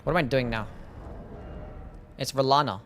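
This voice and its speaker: Streaming a video game live, a man talks back to his chat in an exasperated way and swears often. His mid-range voice is a bit bright and moves at a moderate pace, with a little hiss or hum on the recording.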